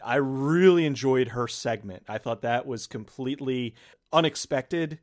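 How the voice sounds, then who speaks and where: A man's voice: mid-range voice, unhurried. A man hosting a casual movie review chat, rambling and acting out his own reactions as he talks. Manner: rambling, restarts phrases, acts out reactions. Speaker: host of a movie review channel.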